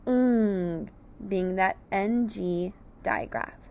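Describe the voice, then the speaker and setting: A woman teacher slowly sounding out sight words, syllable by syllable, for young children. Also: a little high, very animated, a little hiss or hum. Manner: clear, deliberate sounding out of each letter. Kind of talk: slow phonics lesson.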